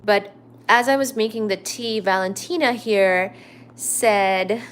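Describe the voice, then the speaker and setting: A woman's voice: mid-range voice, slow, fairly bright tone, slight background noise. A woman hosting a casual livestream from home, reading chat comments aloud and cooing baby talk at her cat.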